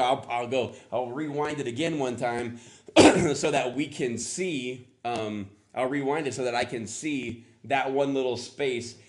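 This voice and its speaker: A middle-aged man preaching a casual sermon, rambling and chatty as he coaxes answers from the congregation. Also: medium pitch. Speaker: pastor.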